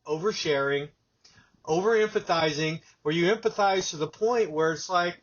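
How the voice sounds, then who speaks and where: A man's voice: fairly high pitch, moderate pace. A man hosting a casual podcast conversation, telling stories and acting out what people said. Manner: animated storyteller, acts out quotes. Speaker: podcast host. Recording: dull lo-fi audio.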